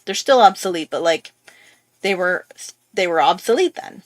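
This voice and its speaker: A woman's voice: on the low side, lively intonation, normal speed, no echo. A young woman telling a long, rambling story in casual chat on her art channel, with many fillers and restarts. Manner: chatty, rambling, full of fillers. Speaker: art YouTuber.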